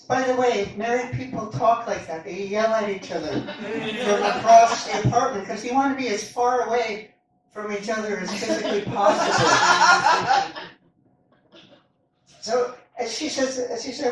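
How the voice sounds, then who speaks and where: A man doing a stand-up comedy set on a club stage, with a halting, meandering delivery and lively pitch swings. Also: a little hiss or hum. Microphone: far camera in the audience. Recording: echoey club recorded from far off. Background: audience laughter.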